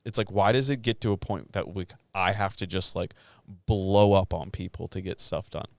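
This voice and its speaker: A man's voice: low voice, steady tone, normal speed, gravelly, dry recording. A man co-hosting a casual podcast, telling stories in a swearing, worked-up way with lots of fillers. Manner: swearing, heated storytelling with many fillers. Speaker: podcast co-host.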